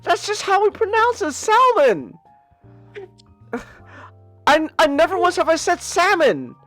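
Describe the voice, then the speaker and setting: High-pitched woman on a podcast, stammers and restarts a lot, gets defensive, voice swings all over. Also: lively intonation, a little slow, fairly bright tone, dry recording, soft background music. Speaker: podcast co-host. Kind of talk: casual chat.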